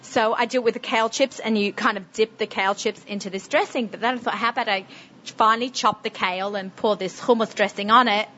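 A woman's voice: fairly high pitch, steady tone, fast talker, fairly bright tone, a little hiss or hum. A middle-aged woman with a strong Sydney Australian accent, hosting a casual interview, chatty and laughing often. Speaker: radio show host. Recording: slightly muffled recording.

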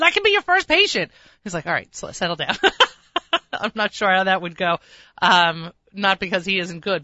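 A radio host, a woman who chats in a rambling, storytelling way with plenty of quick asides. Her voice is bright and forceful, recorded dry in a studio with a slightly muffled top end. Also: fairly low pitch, no echo. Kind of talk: casual radio chat.

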